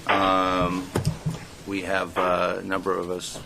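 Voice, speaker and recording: A man's voice: low-pitched, monotone, slow pace, creaky, music in the background. A man chairing a formal meeting, speaking in a procedural way with frequent ums. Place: meeting room.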